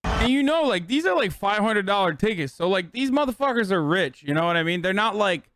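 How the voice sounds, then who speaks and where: A man's voice: sits high, big pitch swings, fairly quick, fairly bright tone, dry recording, studio quality. A man in his thirties telling a rambling, sarcastic, profane story on a casual livestream. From United States. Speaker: streamer.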